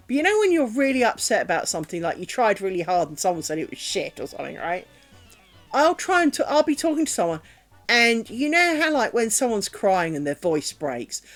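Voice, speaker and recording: A British woman streaming her craft work, chatting candidly and rambling, with a self-deprecating streak and the odd swear word. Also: mid-range voice. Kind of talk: casual chat. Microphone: streaming mic.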